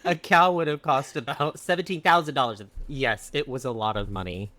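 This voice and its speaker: A man's voice: medium pitch, brisk, pushed and bright, no room sound. A man co-hosting a casual history podcast, telling the story with jokes, laughter and acted-out quotes. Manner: jokey storytelling, laughs often, acts out quotes. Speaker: podcast co-host.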